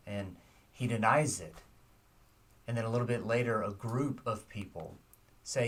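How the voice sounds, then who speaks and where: A man's voice: lowish voice, unhurried, far from the mic. A man giving a short devotional sermon, earnest and reflective, putting direct questions to his listeners.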